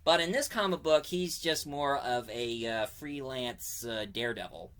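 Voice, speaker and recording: Bright-voiced man rambling through a review. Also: medium pitch, animated, a little slow, clean tone. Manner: rambling, digressive, often corrects himself mid-sentence. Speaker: comic book reviewer. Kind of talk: casual spoken review.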